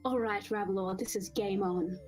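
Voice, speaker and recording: A woman's voice: mid-range voice, steady tone, moderate pace, a little mellow, faint music behind. Matter-of-fact woman tabletop player. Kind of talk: playing a tabletop game.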